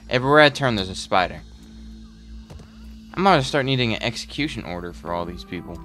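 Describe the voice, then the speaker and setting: A man giving casual gameplay commentary, excitable, with frequent yelps and outbursts. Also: lowish voice, a little fast, faint music behind.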